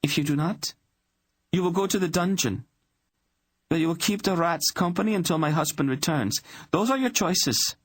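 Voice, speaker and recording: A man's voice: on the high side, animated, normal speed, fairly bright tone, pitched above the performer's own voice. A man voicing a stern young queen who gives cold, clipped royal commands. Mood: icy command.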